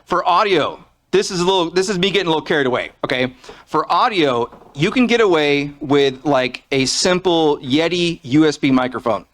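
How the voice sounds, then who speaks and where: A man's voice: fairly high pitch, animated, moderate pace, a bit bright. A man giving a casual, joking talk from behind a podium on a conference stage, speaking into a fixed podium microphone.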